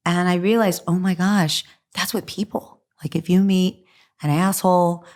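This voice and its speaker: Low, hoarse woman chatting. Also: fairly even intonation, normal speed, darkish tone. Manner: chatty, frequent likes and ums, laughs often. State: hoarse from heavy talking. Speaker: guest. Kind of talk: candid interview conversation.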